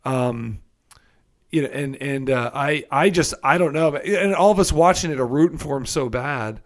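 A man's voice: medium pitch, moderate pace. A man chatting casually, trailing off and thinking aloud as he talks. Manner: hesitant, full of fillers and restarts. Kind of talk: casual chat.

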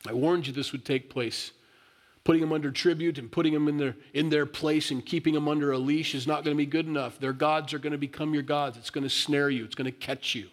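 Blunt plain-spoken male pastor. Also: a little high. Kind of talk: sermon.

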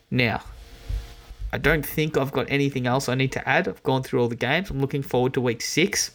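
Animated joking man hosting a sports podcast. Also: mid-range voice, a little fast. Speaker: podcast host. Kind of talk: casual sports commentary monologue.

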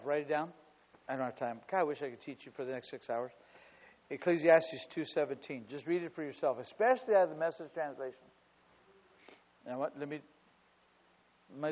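A male pastor preaching a sermon, shifting from quiet storytelling to loud, emphatic declarations and repeating phrases for emphasis. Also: fairly high pitch. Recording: dull lo-fi recording with long hall reverb.

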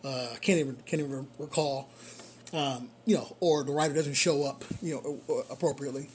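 A man who works as a rideshare driver, telling a story in a casual, animated way and chuckling often. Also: on the high side, fairly quick, a little hiss or hum.

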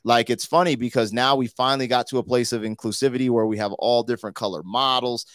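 A man's voice: medium pitch, steady tone, fast talker, a bit bright, dry recording, studio quality. A man hosting a podcast in loose, slangy casual chat, full of "like" and "you know.". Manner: loose and slangy, full of 'like' and 'you know'. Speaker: podcast host.

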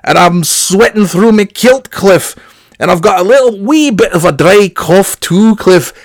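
A crude, hot-tempered old Scottish uncle, put on by a man, rants down the phone in a high, lively voice, forever calling his nephew's name. The sound is dry and close, with no room around it. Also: unhurried, no room sound. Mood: rambling. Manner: shouty, rambling, repeats the nephew's name constantly. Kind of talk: comedy podcast bit.

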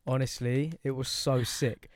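A man's voice: medium pitch, level tone, unhurried, no room sound. Young man, casual podcast chat, slangy, blunt, dry close mic. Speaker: podcast co-host.

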